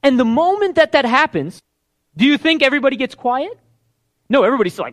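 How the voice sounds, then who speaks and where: High-voiced, animated male preacher. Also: quick pace. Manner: animated storytelling, acting out voices of characters. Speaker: pastor. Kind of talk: sermon.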